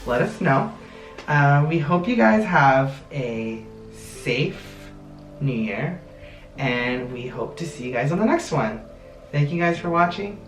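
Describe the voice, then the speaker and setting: A young man in a casual storytime vlog, animated and acting out quotes. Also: on the high side, slow, music in the background. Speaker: vlog co-host. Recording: roomy sound from a distance.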